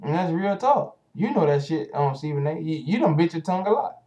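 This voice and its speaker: A man's voice: fairly high pitch, animated, fairly quick, mellow. A man giving casual ranting commentary as a vlogger, heated and profane, speaking straight at the hosts he criticizes.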